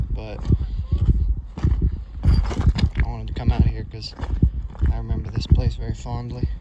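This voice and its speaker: A man's voice: mid-range voice, highs cut off, heavy background noise. A young man with a drawl, chatting casually and joking as he vlogs a desert camping trip. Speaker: camping vlogger. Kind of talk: casual vlog talk. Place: desert, in a truck then outdoors on a cliff.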